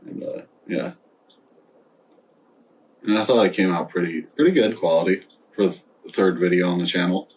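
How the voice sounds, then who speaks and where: A stoned man hosting a casual podcast chat, rambling and halting with many fillers. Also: low voice, darkish tone, recorded from a distance, poor audio. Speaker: podcast host.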